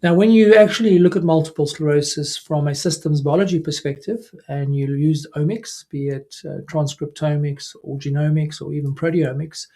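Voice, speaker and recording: A man, a neurologist, giving a recorded scientific lecture in a measured way, with frequent fillers and self-corrections. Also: a little high, dark tone. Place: remote recording away from the audience.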